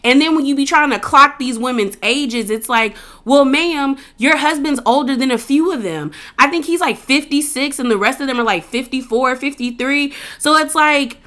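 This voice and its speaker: A woman casually recapping a reality show episode, chatty and opinionated, with slangy, animated retelling. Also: high-pitched, moderate pace, few pauses.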